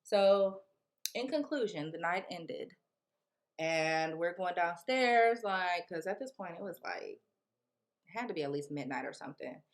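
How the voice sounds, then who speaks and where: A young woman vlogger telling a casual storytime tale, animated and laughing often as she acts out the people in it. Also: on the low side, measured pace.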